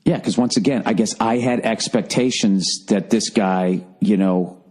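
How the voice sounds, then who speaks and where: A man's voice: fairly low pitch, a little slow, darkish tone, breathy edge. A man hosting a podcast alone, ranting in an exasperated, profane solo monologue. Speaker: podcast host. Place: alone in a room.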